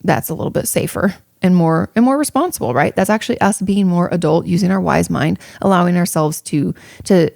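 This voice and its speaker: Woman, therapist, podcast host, low gravelly voice, dry close sound, chatty and frank. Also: brisk, few pauses, a little mellow, no echo. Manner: chatty, frank, reassuring, with many fillers. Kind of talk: casual advice podcast.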